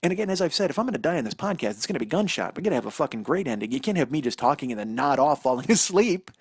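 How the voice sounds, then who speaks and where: Racing along in a fairly high, slightly rough voice with big pitch swings, a forties-aged podcast host rambles and swears through his solo comedy show, poking fun at himself. He's recording indoors at home, with clean studio sound, no room sound, and a dog barking in the background.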